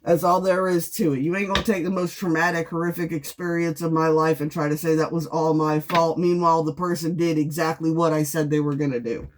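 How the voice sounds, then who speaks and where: A woman's voice: low-pitched, fairly even intonation, a little fast, hardly any pauses, noisy background. A woman tarot reader venting in a heated, profane monologue, blunt and sarcastic, mocking with bursts of laughter.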